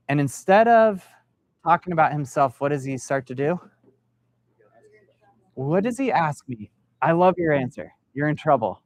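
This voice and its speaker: In a meeting room before an audience, a middle-aged sales mentor runs a live workshop for business founders, relating a story and quizzing those present. His voice is a little high, and there's no room sound.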